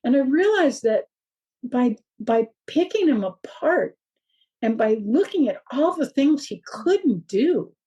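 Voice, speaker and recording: A woman guest, a parent of three, talking in a casual interview as an animated storyteller who fills her talk with fillers and laughs. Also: high voice, takes it slowly, slightly rough, lo-fi sound.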